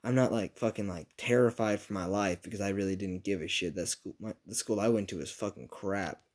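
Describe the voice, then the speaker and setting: A young man with a slightly low voice tells a story in a loose, rambling way, swearing constantly. He mocks himself casually as he talks. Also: fairly quick, darkish tone. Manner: rambling, profane, self-mocking. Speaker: storyteller recounting a school story.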